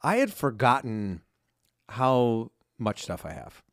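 A man's voice: medium pitch, big pitch swings, slow, dry recording, studio quality. A man in his forties co-hosting a casual podcast, chatty and storytelling, full of fillers. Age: 40s. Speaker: podcast co-host. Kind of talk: casual chat.

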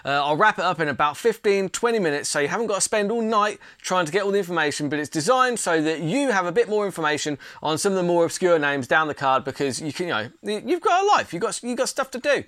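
Blunt, chatty man, higher voice. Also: expressive, quick pace, hardly any pauses, fairly bright tone, dry recording, clean studio sound. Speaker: MMA channel host. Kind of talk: casual fight card preview.

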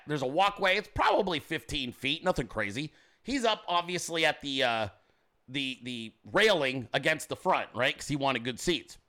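A man with a high, bright voice recounts a story in a casual chat. He talks with lively energy, acting out the lines of the people he quotes and swearing offhandedly. The tone stays loose and conversational. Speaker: podcast host.

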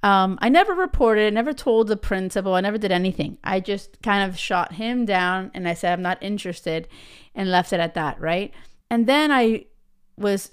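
A woman's voice: medium pitch, clear, resonant tone. A woman in her thirties hosting a podcast, telling a personal story in a chatty way, with many fillers and tag questions. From United States. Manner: chatty, with many fillers like "right?" and "you know". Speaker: podcast host.

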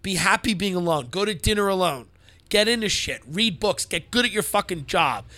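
A man's voice: high voice, animated, normal speed, sharp tone, no echo. A man co-hosting a podcast in casual banter, blunt, brash and profane, giving unfiltered advice. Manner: puts on mocking voices. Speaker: podcast co-host.

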